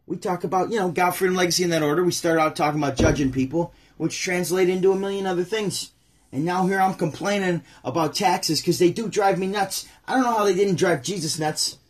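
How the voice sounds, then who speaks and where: A man's voice: sits high, brisk, breathy edge. A man from upstate New York hosting his own livestream, ranting bluntly and chatting casually with viewers. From Syracuse, New York. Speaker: channel host.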